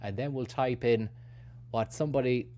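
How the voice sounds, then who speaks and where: A man hosts a game stream, chatting loosely with frequent restarts and self-mocking, sweary asides. His pitch sits mid-range, an ordinary speaking voice. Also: fairly even intonation, moderate pace, mellow. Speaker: streamer host. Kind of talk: casual rambling commentary.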